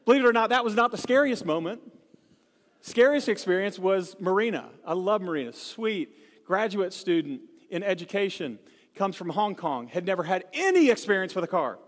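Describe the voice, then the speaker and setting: Pastor, man, high voice, humorous storytelling sermon, live church hall sound. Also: normal speed. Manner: storytelling with humor, animated swings. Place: church sanctuary.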